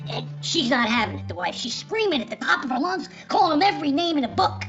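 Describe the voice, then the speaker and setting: A woman telling a bawdy joke in lively storytelling, mimicking the voices. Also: high voice, fast talker. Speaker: joke teller. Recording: dull film soundtrack with faint music.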